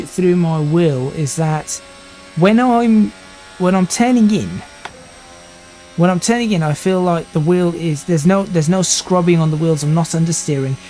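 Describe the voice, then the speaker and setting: Young man, slightly high voice, live sim racing commentary, thinks aloud and restarts sentences, faint music behind. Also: darkish tone. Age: 20s.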